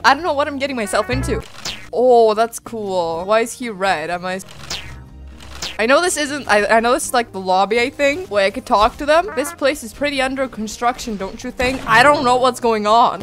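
Bright, giggly woman gaming vlogger. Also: a little high. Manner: giggly and self-deprecating, breaking into squeals and laughter. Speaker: gaming YouTuber. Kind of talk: casual gameplay commentary.

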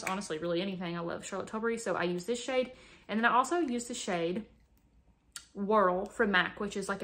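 A young adult woman films a casual makeup vlog at home, close to the camera, chatting dramatically with playful exaggeration. Her voice is mid-range and a bit bright.

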